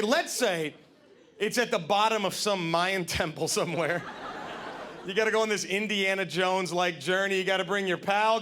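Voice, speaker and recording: Male stand-up comic, high voice, animated and loud, live club mic with noise behind. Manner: animated, shouting punchlines, acting out characters in high voices. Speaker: stand-up comedian. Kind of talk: stand-up comedy set. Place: comedy club stage with laughing audience. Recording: noisy live club recording.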